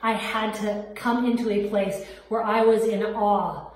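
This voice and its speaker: A woman's voice: mid-range voice, little pitch movement, measured pace, darkish tone. A woman podcast host giving a heartfelt, preacher-like personal faith testimony. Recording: very echoey room, distant mic.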